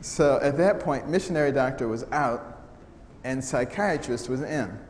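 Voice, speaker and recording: A middle-aged American man giving a storytelling talk to an audience, humorous and animated, often acting out the voices of the people he quotes. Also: mid-range voice, measured pace. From United States. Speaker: speaker giving a testimony talk. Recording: echoey hall sound with faint noise.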